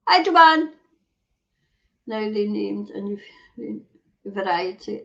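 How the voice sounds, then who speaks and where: Reading out comments on her livestream, this Scottish host gets sweary and heated fast. Her mid-range voice is expressive, gravelly, and a bit bright, heard through lo-fi sound.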